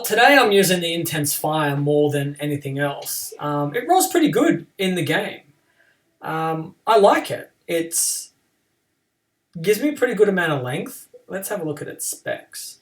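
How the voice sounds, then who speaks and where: A man's voice: on the high side, sing-song, measured pace, distant mic. A man streaming a game live and chatting casually about his play, with playful trash talk toward his opponent.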